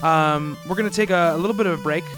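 A man's voice: on the high side, quick pace, music in the background. A man co-hosting a comics podcast in casual chat, rambling with frequent ums and restarts. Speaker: podcast co-host.

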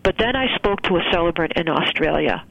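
A woman's voice: on the low side, lively intonation, fairly quick, gravelly, a bit bright, no echo, highs cut off. A woman guest on a talk show, a ceremony celebrant telling her story in an earnest, rambling way with many fillers. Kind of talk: conversational interview storytelling.

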